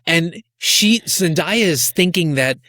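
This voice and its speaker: A man's voice: on the high side, animated, slow, pushed and bright, no room sound, studio quality. A man co-hosting a casual film review podcast, eagerly jumping in to recap scenes with lots of fillers.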